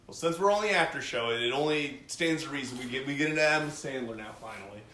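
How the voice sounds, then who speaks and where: A man's voice: mid-range voice, fast talker, sharp tone, echoey room, a little hiss or hum. A man co-hosting a casual podcast aftershow, talking in easygoing, laid-back banter. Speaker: podcast co-host. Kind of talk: casual chat.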